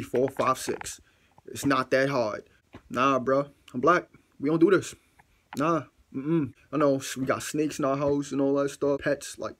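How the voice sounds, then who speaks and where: A man with a husky, slightly rough voice tells a storytime vlog, sitting squarely in the middle of the male pitch range. He talks in an excitable, profane rush and circles back to repeat his lines for effect. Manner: excitable, swearing, repeating himself. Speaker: vlogger.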